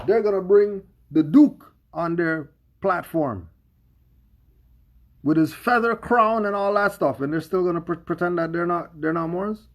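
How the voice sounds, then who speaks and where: A man's voice: high-pitched, unhurried. A man giving sarcastic reaction commentary on a video, firing off mocking rhetorical questions.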